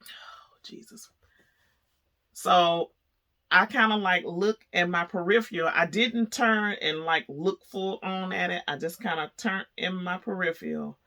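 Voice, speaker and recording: A woman vlogger telling a story to camera, chatty and animated, laughing as she goes. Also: on the low side, normal speed, hardly any pauses.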